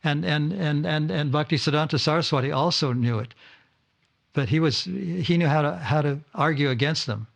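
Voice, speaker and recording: With a creaky, slightly high voice at a moderate pace, an older spiritual teacher addresses his disciples informally at a home gathering. He stumbles often, repeating words and beginning sentences again.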